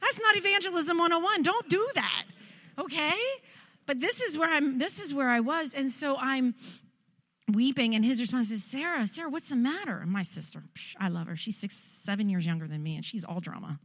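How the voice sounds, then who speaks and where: A woman pastor speaks from the pulpit, with a voice that sits a little high. She shares a personal testimony in a sermon. Her manner is conversational and heartfelt, like storytelling to her congregation. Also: moderate pace, a bit bright, long reverb tail.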